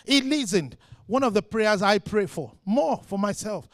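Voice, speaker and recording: A man preaching a sermon as pastor, impassioned, swinging between shouted lines and quiet ones. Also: sits high, lively intonation, measured pace, no echo, clean studio sound.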